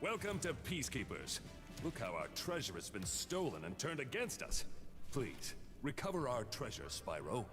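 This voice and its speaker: A solemn dragon elder pleads for help, his pitch swooping through a very wide range. The line plays from a video game with a long reverb tail and clear game music underneath. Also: huge pitch swings, normal speed. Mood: pleading. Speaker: game character.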